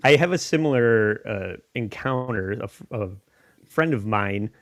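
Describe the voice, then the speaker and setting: A man's voice: fairly low pitch, expressive, unhurried, a bit bright, dry recording, studio quality. Rambling male podcast host. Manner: rambling, laughs often. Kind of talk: casual podcast chat.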